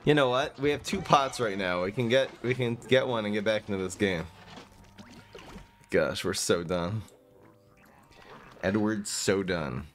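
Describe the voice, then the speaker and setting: A man giving casual, excitable commentary while playing a card video game, breaking into sudden exclamations. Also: fairly low pitch, unhurried, long pauses. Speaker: gaming YouTuber.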